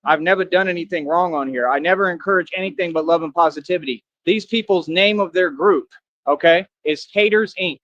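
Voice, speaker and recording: A man's voice: fairly high pitch, fairly quick, fairly bright tone, dry recording, lo-fi sound. A man on a livestream, boasting and trash-talking his viewers in a brash, confrontational, slangy way.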